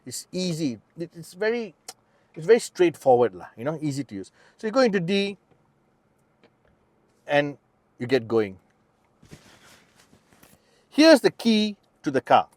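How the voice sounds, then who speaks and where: A middle-aged man with a Malaysian English accent and a fairly high voice, talking through a car review with chatty enthusiasm. He fills his talk with fillers and restarts as he points things out from the driver's seat. The sound is dry and close. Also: big pitch swings, unhurried, pauses often, no room sound. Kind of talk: casual test-drive review. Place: inside a car.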